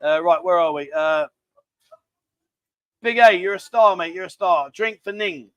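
A man's voice: high voice, unhurried, fairly bright tone, clear, resonant tone, dry recording, highs cut off. A man hosting a live stream, rambling and bantering casually as he reads out viewer comments. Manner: rambling, chatty, cheeky banter. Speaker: livestream host.

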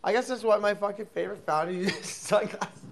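A man's voice: high voice, fairly quick, creaky. A young man hosting a live audio chat room, rambling casually, swearing constantly and teasing a sleeping friend. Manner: profane, teasing, laughing fits.

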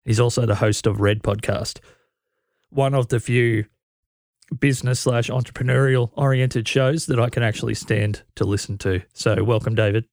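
A man hosting a podcast, talking in a relaxed, rambling way with a morning voice. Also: mid-range voice, normal speed, no room sound, clean studio sound. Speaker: podcast host. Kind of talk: casual interview intro.

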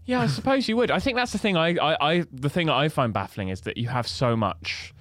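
A man hosting a casual podcast chat, animated and playful, often restarting his sentences. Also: a little high, fairly quick, dry recording, clean studio sound. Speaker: podcast host.

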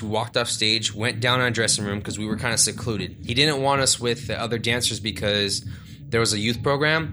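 A man of thirty telling a story in a casual, animated way, acting out the voices of the people he quotes. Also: mid-range voice, a little hiss or hum.

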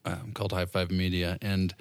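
A man's voice: low voice, flat delivery, normal speed, no echo, clean studio sound. A young man chatting casually about a long paddling trip, laid-back and laughing often, swearing now and then. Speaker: expedition member. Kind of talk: casual podcast chat.

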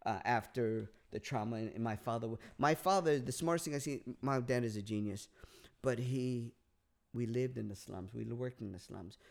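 A man's voice: fairly low pitch, creaky, a little mellow. A man from California, a comedian telling a long rambling story on a casual podcast, restarting and repeating his words. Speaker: comedian guest.

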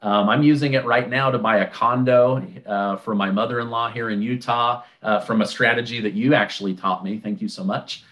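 A man speaking as an interview guest in casual storytelling, with a voice of ordinary middle pitch. He talks conversationally, often restarting his sentences. When he acts out remembered dialogue, his voice rises and becomes animated. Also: fairly quick, hardly any pauses. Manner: conversational, with many restarts and fillers.

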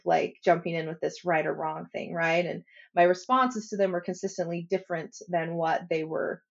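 A woman's voice: mid-range voice, creaky, darkish tone, muffled recording. A woman in her forties telling a personal story in a casual interview, acting out the lines of her family and getting emotional as she goes. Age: 40s. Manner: emotional storyteller, acts out dialogue. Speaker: podcast guest.

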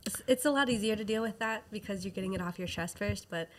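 A woman's voice: medium pitch, fast talker, a little hiss or hum. A woman in a casual chat, supportive and chatty with her co-host.

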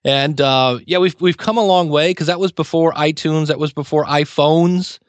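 A middle-aged man, a podcasting teacher, chatting as an interview guest and telling lively anecdotes with acted-out quotes. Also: fairly high pitch, normal speed, no echo. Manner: chatty storyteller, acts out quoted exchanges. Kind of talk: casual interview talk.

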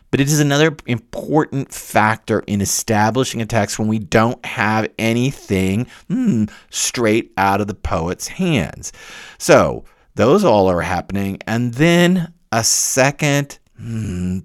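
A man with a fairly low voice lectures on a scholarly subject. He explains step by step, pausing on fillers and correcting himself mid-phrase. The sound is dry and close. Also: no echo. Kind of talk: academic lecture.

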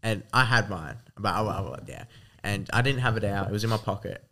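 A man's voice: on the low side, brisk, sharp tone, a little hiss or hum. A teenage man as a guest in a casual chat, laid-back with short replies. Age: teens.

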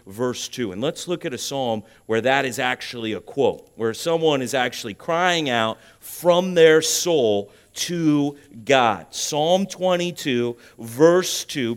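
A man preaching a sermon as pastor, building to loud emphatic peaks on key points and checking in with the congregation. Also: fairly high pitch. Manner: asks the congregation "okay?" to check understanding.

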